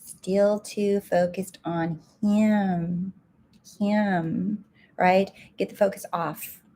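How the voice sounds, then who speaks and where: A woman's voice: mid-range voice, fairly even intonation, drawn-out words, warm tone, a little hiss or hum. A woman success coach answering viewer comments live, direct and emphatic, repeating her key points.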